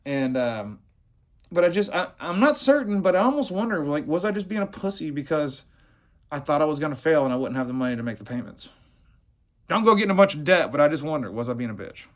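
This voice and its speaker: Man, high-pitched, blunt and profane business owner, rambling talk. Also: very animated, quick pace. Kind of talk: casual motivational talk.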